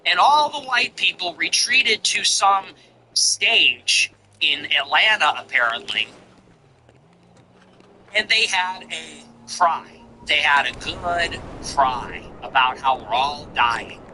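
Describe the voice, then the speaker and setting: A man's voice: a little high, lively intonation, takes it slowly, bright, forceful tone, a little hiss or hum, poor audio. A man hosting a commentary show, ranting contemptuously in repetitive, emphatic lists. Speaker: show host. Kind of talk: political commentary monologue.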